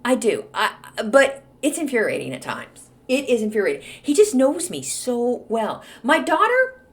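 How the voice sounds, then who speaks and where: Woman, middle-aged, podcast host, casual chat, very animated pitch, talkative. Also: unhurried. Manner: animated, chatty, jumps in pitch.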